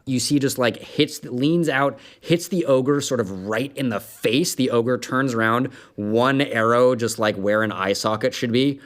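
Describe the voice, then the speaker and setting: A man's voice: medium pitch, a little slow, few pauses. A man in the dungeon master role, narrating a tabletop game loosely, with many fillers and laughs.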